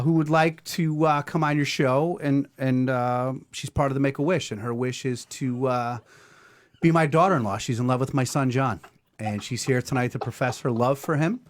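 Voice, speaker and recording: A middle-aged man hosting a casual podcast, ribbing his co-host with sarcastic, profane banter. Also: mid-range voice.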